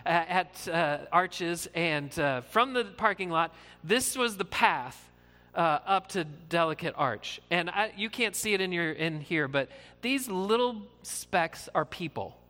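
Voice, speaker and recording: A man's voice: high voice, expressive, a little slow, bright, forceful tone, big-room sound. A man who is a pastor, giving an earnest, conversational sermon with frequent fillers.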